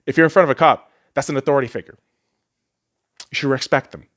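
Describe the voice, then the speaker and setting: Speaking quickly in a medium-pitched, somewhat bright voice, this male podcast host fires off a profane, sarcastic tirade on his own, heated and swearing frequently.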